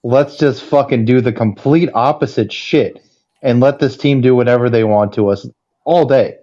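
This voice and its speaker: Mellow-voiced sarcastic man, dull lo-fi sound. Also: medium pitch, normal speed. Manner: sarcastic, exasperated. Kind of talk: casual sports chat.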